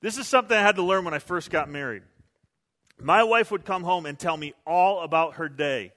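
Bright-voiced pastor in an echoey hall. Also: male voice, high-pitched, brisk. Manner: conversational, self-deprecating storytelling. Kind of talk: sermon.

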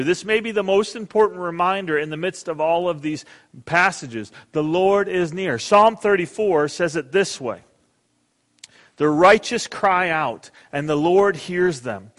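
Earnest pastor with reverb. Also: male voice, sits high, animated, a little slow. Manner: earnest, emphatic preaching with soft prayerful drops. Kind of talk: sermon.

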